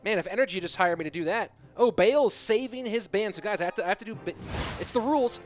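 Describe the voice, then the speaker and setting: An American man calls a live video game match, with a high, light voice. He chats loosely with his viewers between plays, and music runs steadily behind him. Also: fast talker. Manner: chatty, reads and answers viewer chat. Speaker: esports caster. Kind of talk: live esports commentary with chat banter.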